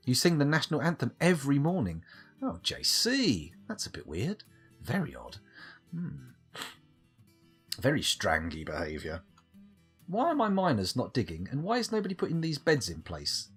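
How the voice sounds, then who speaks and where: A man's voice: medium pitch, slightly rough. A man chatting wryly with his live chat while playing a game, rambling from thought to thought. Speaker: streamer.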